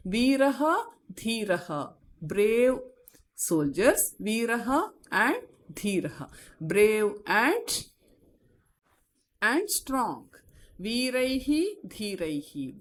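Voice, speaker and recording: A woman teaching a Sanskrit lesson, reading each phrase aloud and translating it word by word into English. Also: medium pitch. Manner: reads text then translates word by word. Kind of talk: classroom explanation.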